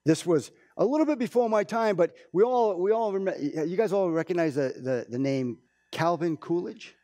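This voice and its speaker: A pastor preaching a casual, storytelling sermon, with many restarts and asides. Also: male voice, high-pitched, expressive, normal speed, dark tone, no room sound. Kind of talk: conversational sermon. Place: church.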